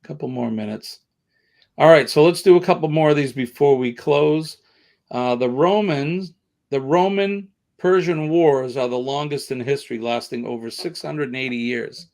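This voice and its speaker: A livestream host with a Southern American accent chats casually, rambling and using lots of fillers. His voice is medium in pitch, creaky and darkish, at a moderate pace.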